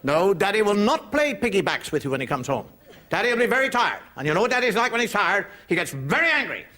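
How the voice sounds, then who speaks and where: A man's voice: sits high, very animated, fast, sharp tone. A man with an Irish accent doing a stand-up comedy monologue, telling wry stories and putting on his parents' voices.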